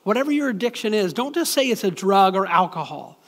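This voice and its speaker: A man with a high-pitched voice delivers a sermon in a loose, conversational style, often breaking off and restarting his sentences. His voice rings out with the long reverb of a large hall. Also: animated, fairly quick, fairly bright tone. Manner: conversational, plain-spoken preaching with frequent restarts. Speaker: preacher.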